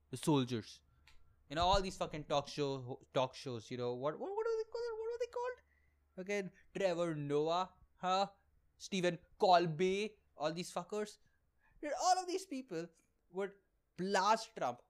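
Animated man ranting comedically. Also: high-pitched, normal speed. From India. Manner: animated, swearing, jumps into mock voices. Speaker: podcast host, stand-up comedian. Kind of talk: solo comedic rant.

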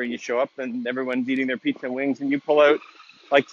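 A man in casual chat, ranting in an incredulous, animated way. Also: medium pitch, fairly quick, dull audio. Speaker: panelist.

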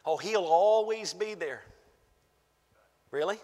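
A man preaching a sermon to his congregation, emphatic, rising to shouts and dropping to hushed asides, calling out to the room. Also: high-pitched, animated, slow pace. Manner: calls out to the congregation. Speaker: pastor. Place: church. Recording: long church-hall reverb.

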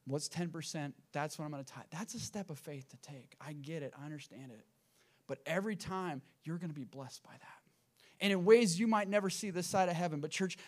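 A middle-aged male pastor, preaching a sermon from a church sanctuary and telling a personal story with earnest, emphatic repetition. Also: high voice.

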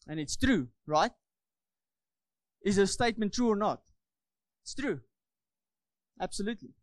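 A man's voice: high voice, animated, unhurried, long pauses, dry recording. A man preaching a sermon in a church, fervent and repetitive, often asking for amens. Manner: fervent, repeats phrases, asks the congregation for amens.

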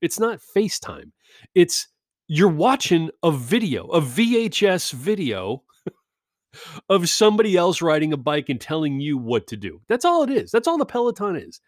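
Man, rambling casual rant, lively swooping pitch, dry close sound. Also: moderate pace, no room sound. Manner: rambling, ranting, self-deprecating, swears.

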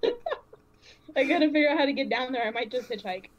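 A woman from Texas, a guest on a casual podcast over a voice call, chatty and giggly and quick to poke fun at herself. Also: sits high, rough recording. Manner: giggly, chatty, self-deprecating. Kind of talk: casual chat.

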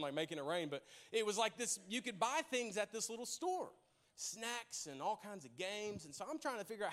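A young man preaching in church, telling funny stories about his childhood and calling out to the congregation, laughing often. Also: high voice. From Arkansas. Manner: lively, humorous, laughs often, addresses congregation directly. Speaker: pastor. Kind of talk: sermon with storytelling.

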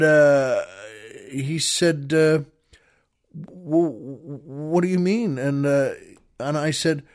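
A man's voice: on the high side, darkish tone. Chuckling older man telling a rambling story. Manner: rambling, self-amused, laughs through his own anecdote. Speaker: podcast host. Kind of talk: casual storytelling monologue.

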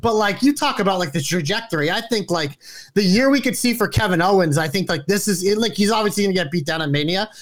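A man co-hosting a casual wrestling podcast, excitable and swearing freely. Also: high-pitched, fast talker. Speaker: podcast co-host.

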